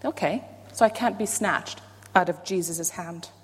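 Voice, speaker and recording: A woman preaching a sermon, playful and self-deprecating, with animated emphasis. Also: fairly low pitch, measured pace, slightly rough. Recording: long hall reverb.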